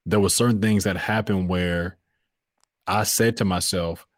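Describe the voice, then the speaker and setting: A man in his thirties speaks with a very low, deep voice. He talks earnestly and reflectively as a podcast guest, with plenty of fillers and restarts. The sound is dry and close. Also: steady tone, a little slow, dry recording. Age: 30s. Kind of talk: casual podcast conversation.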